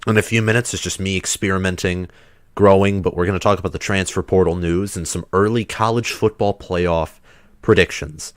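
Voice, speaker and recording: Male streamer host, deep voice, under the weather, rambling casual chat, dry close sound. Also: dry recording. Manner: rambling, chatty, loose restarts. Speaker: livestream host.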